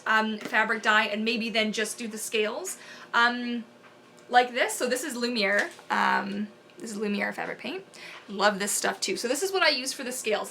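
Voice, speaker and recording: A woman's voice: a little high, slight background noise. Chatty young woman live-streaming. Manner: chatty and animated, laughs often, thinks aloud. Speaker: mermaid performer hosting a live Q&A. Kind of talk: casual live-stream chat.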